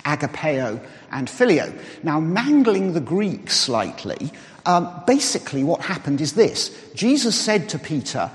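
Lively-voiced male preacher in a hall. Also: a little high. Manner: measured, explanatory, reasoning aloud. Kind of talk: sermon. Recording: reverberant hall.

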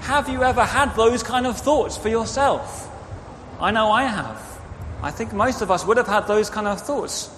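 Animated man leading a children's sermon. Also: sits high, normal speed, a little hiss or hum. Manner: animated, directs children, acts out quotes. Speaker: preacher leading a children's talk. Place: church. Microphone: microphone. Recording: reverberant hall, faint ambience.

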